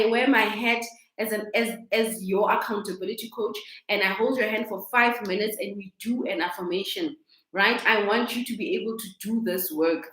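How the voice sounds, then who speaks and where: A chatty woman with a South African accent, hosting a casual live stream as a coach and talking into a laptop microphone. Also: medium pitch. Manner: chatty, repeats herself, greets viewers warmly. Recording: echoey room.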